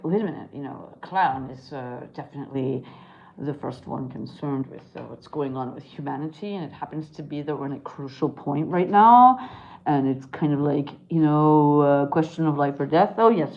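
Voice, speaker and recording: A woman chats live from her home kitchen, her voice sitting fairly low. She rambles emphatically and fills her pauses with lots of "uh" and "um." A faint hiss sits under the sound. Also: a little mellow, rough recording. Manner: rambling and emphatic, with many fillers. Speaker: clown and mime teacher hosting a live stream. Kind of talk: casual live stream chat.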